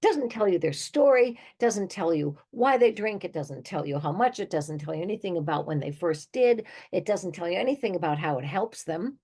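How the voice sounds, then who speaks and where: Older woman, host-therapist; low, husky, emphatic, conversational. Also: expressive, moderate pace, few pauses, warm tone. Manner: emphatic, conversational, given to little laughs. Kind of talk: direct-to-listener advice monologue.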